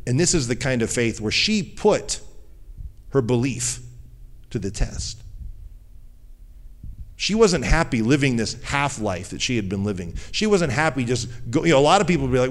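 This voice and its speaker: Guy pastor preaching casually, does little voices of people, goes low and quiet to make a point. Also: very animated, moderate pace, long pauses. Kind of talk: sermon.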